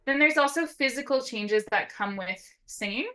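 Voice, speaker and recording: A woman therapist giving an educational talk, explaining step by step with a lively, up-and-down intonation and often checking in with "right?". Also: sits high, normal speed, rough recording. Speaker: occupational therapist.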